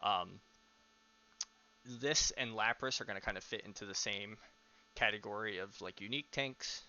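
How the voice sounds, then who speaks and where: A man's voice: fairly low pitch, normal speed, bright, forceful tone, highs cut off. A young man casually coaching teammates over a voice call, explaining step by step with lots of um fillers.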